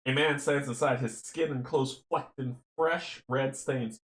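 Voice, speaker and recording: A man's voice: mid-range voice, fairly even intonation, a little slow, fairly bright tone. A man playing a board game solo, reading the game text aloud and chatting to himself with chuckles. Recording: roomy echo.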